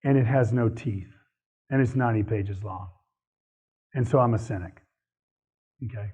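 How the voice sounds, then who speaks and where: A man giving a live talk to an audience, animated and opinionated, laughing between points. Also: lowish voice, moderate pace. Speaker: speaker on economic policy. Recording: husky voice over a tinny phone-like line.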